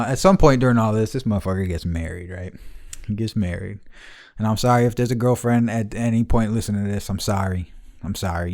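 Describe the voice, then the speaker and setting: A man hosting a podcast, telling rambling, profanity-laced stories to an old friend in casual chat. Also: on the low side. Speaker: podcast host.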